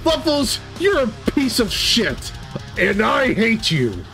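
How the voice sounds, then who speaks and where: A man voicing an entitled, demanding female tiefling adventurer in a tabletop game, shrill and indignant. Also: wildly swooping pitch, moderate pace, music in the background. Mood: shrieking.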